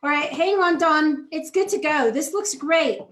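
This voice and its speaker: A woman's voice: sits high, a little slow, fairly bright tone. A woman hosting a live cooking stream, chatty and laughing easily as she works. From United States. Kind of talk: casual live-stream chat. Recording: roomy echo.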